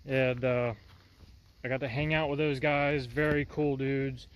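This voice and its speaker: A man's voice: mid-range voice, little pitch movement, unhurried, clean tone. A man talking casually about his project in a workshop vlog, rambling and folksy. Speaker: vlogger.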